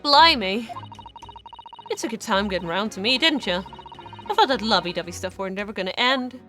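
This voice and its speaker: A woman voicing a young pickpocket girl, who talks in a cheeky, gruff, streetwise way. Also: mid-range voice, expressive, normal speed, sharp tone, soft background music. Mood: defiant.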